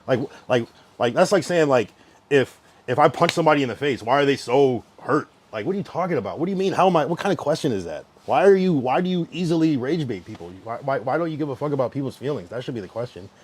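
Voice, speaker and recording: A man's voice: mid-range voice, lively intonation, fast talker, husky. A young man livestreaming, ranting at his chat in an irritated, swearing, casual way.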